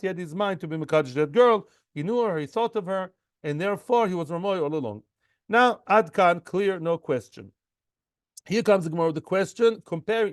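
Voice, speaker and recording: A man teaching a Talmud lesson in English, lively and acting out the people in the case, with Hebrew and Aramaic terms mixed in. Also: high-pitched, no room sound, studio quality. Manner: animated, acts out the characters in the case. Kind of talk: Talmud lecture.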